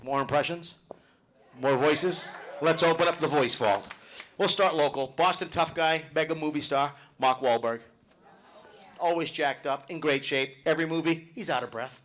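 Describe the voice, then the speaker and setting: A man's voice: on the high side, moderate pace, fairly bright tone. A middle-aged male stand-up comic doing a live set, brash and profane, teasing people in the audience. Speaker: stand-up comedian. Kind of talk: live stand-up comedy with crowd work.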